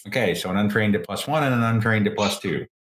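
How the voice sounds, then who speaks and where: A man as game master, calmly explaining rules and narrating a tabletop game in a measured way. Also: lowish voice, very noisy. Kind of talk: running a tabletop game online.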